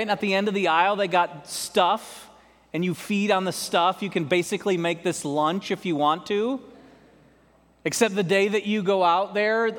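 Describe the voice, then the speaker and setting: A man's voice: high voice, fairly bright tone. A man preaching a sermon to his congregation, conversational, with joking asides to the listeners. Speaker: pastor. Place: church sanctuary. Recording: long hall reverb.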